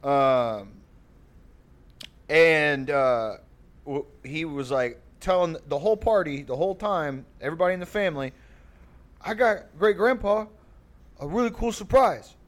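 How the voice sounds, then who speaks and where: Man, podcast host, casual storytelling, profane, rambling, laughs a lot, slightly high voice. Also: lively intonation, measured pace, pauses often.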